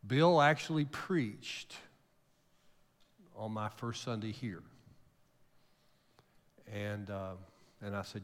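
An older man, a pastor preaching a sermon, telling a story emotionally, jumping from loud bursts to near-whispers. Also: fairly low pitch, lively intonation, slow pace, pauses often. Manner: emotional storytelling with sudden loud rises and soft drops. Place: church sanctuary. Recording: long hall reverb.

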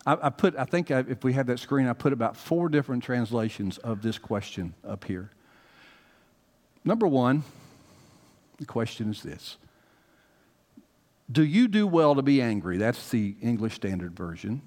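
A man's voice: mid-range voice, sing-song, normal speed, long pauses, a little mellow. A man from the American South preaching a conversational sermon as pastor, talking directly to his congregation and rising into emphatic bursts. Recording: long hall reverb.

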